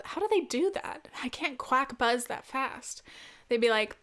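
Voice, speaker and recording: A woman's voice: high voice, lively intonation, unhurried, a bit bright. A woman hosting a solo podcast, telling a travel story in a chatty, laughing way with casual swearing. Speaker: podcast host.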